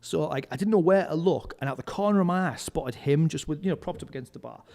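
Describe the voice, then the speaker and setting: A man's voice: fairly high pitch, quick pace, creaky, mellow. Rambling man with long reverb. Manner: rambling storyteller, heavy use of "like". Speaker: podcast guest, live music stage manager. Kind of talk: casual anecdotal chat. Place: indoors, podcast recording. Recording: reverberant room with long echo.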